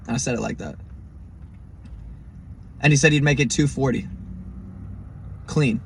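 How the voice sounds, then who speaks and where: A man hosting his own podcast, telling listeners a first-person road story in a casual, profane, animated way. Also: medium pitch, normal speed, gravelly, pauses often, a little hiss or hum. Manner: speaks straight to listeners as "guys". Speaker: podcast host.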